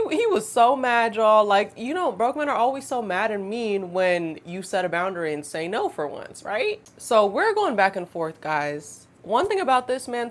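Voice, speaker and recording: A woman, telling a storytime vlog in a chatty, animated way with laughing asides. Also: a little high. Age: 20s. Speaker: storytime vlogger. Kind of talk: casual storytime monologue.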